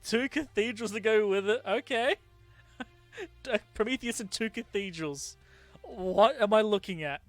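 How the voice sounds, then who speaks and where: A man casting a game tournament, excitable and laughing often, catching and correcting his own slips. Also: sits high, a little slow, faint music behind. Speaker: tournament caster. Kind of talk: casual game commentary.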